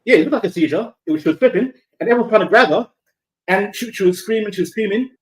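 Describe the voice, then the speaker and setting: A young man from Somalia telling a spooky story to a group of friends in a casual, animated way, full of swearing, repeats and restarts. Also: sits high, fast, poor audio.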